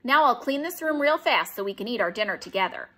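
A woman's voice: fairly high pitch, animated, fast, a bit bright. A woman reading aloud, voicing a cheerful, talkative middle-aged male school janitor in a friendly, upbeat manner. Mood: chatty.

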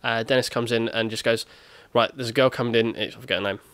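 A man co-hosting a podcast, retelling a TV episode in casual chat with rambling filler pauses. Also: mid-range voice, fairly even intonation, a bit bright, no echo. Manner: rambling recap with filler pauses and brief character voices. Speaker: podcast co-host.

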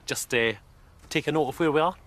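A man's voice: a little high, brisk, background noise, natural voice. A man playing a cocky Scottish squaddie. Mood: bossy. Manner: cocky, chatty and playful. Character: cocky daft young male army tank soldier. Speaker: comedy character, a young soldier. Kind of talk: sitcom acting.

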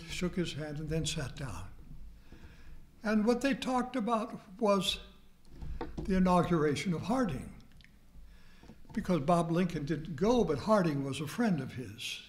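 Older male history professor, unhurried storyteller, slightly high voice. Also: lively intonation. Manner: slow, deliberate storytelling with quoted dialogue. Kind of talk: storytelling lecture.

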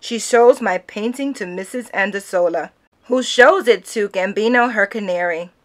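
A woman reading a children's picture book aloud, narrating in an expressive storytelling manner. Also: medium pitch, moderate pace.

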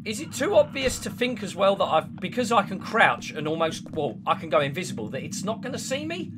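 A man's voice: high voice, sing-song, a little fast, background noise. A young man doing let's-play game commentary, talking himself through a horror game and panicking and shrieking at the scares. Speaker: gaming YouTuber. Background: game music and sounds.

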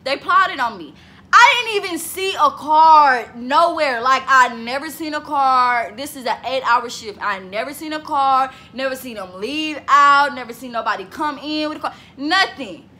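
A woman of twenty chatting casually to camera in a vlog, lively and talkative, breaking into bits of song. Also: sits high, moderate pace. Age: 20s. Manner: chatty, animated, laughs and sings bits. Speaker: vlogger.

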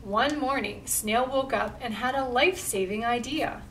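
A woman's voice: fairly high pitch, moderate pace. Woman reading a picture book aloud. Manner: chatty, points at the pictures. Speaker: library storytime reader. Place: library room. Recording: distant mic, faint room noise.

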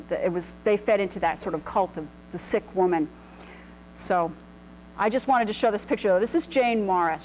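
In a lecture room, a middle-aged woman with a medium-pitched voice casually walks a live audience through clothing history in an informal illustrated lecture. Her delivery is chatty and riddled with ums and restarts, and the poor audio has slight background noise.

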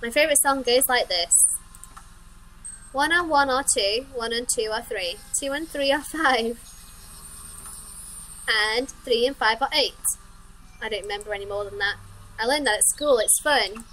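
A woman's voice: a little high, measured pace, pauses often, bright, forceful tone, slight background noise, rough recording. A woman voicing a cheerful little root creature who loves to sing, childlike and sing-song.

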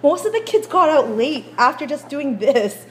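A woman's voice: high-pitched, big pitch swings, moderate pace. A woman teacher leading a baking demonstration in a school classroom kitchen, chatty and often checking that her students follow, recorded on a phone. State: out of breath while rolling dough.

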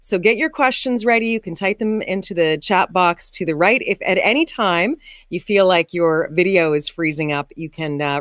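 A woman's voice: medium pitch, no room sound, clean studio sound. A woman from Canada, a radio announcer, hosting a live virtual event with loose, filler-laden chatter. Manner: warm-up chatter with fillers and restarts.

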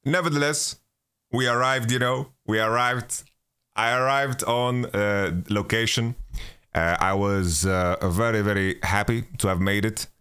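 A man's voice: lowish voice, measured pace, bright, forceful tone, smooth. A man hosting his own podcast, telling a travel story in a loose, rambling way, swearing freely and often restarting his sentences. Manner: rambling, profane, lots of restarts and "you know". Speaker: podcast host.

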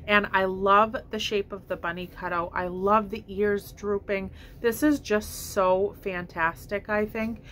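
A woman's voice: mid-range voice, steady tone, measured pace, hardly any pauses, fairly bright tone, a little hiss or hum. A woman chatting casually about her shopping haul at home, upbeat and rambling, with hiccups. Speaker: vlogger showing a shopping haul. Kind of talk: casual haul chat to camera. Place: at home indoors.

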